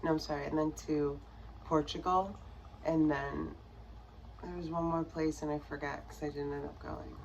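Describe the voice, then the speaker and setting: A woman's voice: deep voice, fairly even intonation, moderate pace, dull audio, slight background noise. A woman casually telling a personal story to camera in a rambling way, full of fillers, her voice dropping to near whispers at tense moments. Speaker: vlogger.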